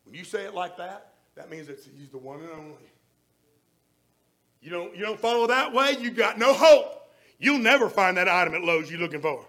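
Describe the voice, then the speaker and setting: High, gravelly preacher man. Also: moderate pace. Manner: animated preaching, swinging from shouts to soft near-whispers. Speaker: pastor. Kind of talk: sermon.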